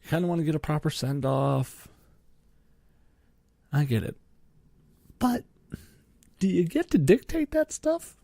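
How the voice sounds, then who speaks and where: A man's voice: fairly high pitch, very animated, measured pace, vocal fry, long pauses, dark tone, dry recording. A young man, co-hosting a podcast and ranting sarcastically about sports, swearing freely. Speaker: podcast co-host. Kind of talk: solo sports podcast rant.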